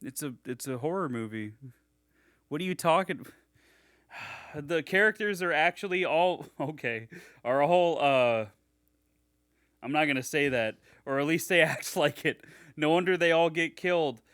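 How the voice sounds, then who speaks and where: Sarcastic podcast host with a bright voice. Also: male voice, a little high, unhurried, long pauses, clear, resonant tone, dry recording, clean studio sound. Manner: sarcastic, reads reviews aloud mockingly. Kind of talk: casual podcast chat.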